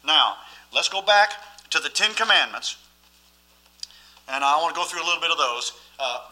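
A man's voice: a little high, lively intonation, moderate pace, sharp tone, rough recording. A man preaching a sermon as pastor, emphatic and often asking the listeners questions.

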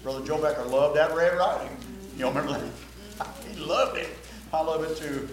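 Another Baptist sermon comes from a man whose voice is on the high side, moving at a moderate pace. He is emphatic and repetitive, often questioning his listeners, and the recording has a very echoey hall with faint ambience.

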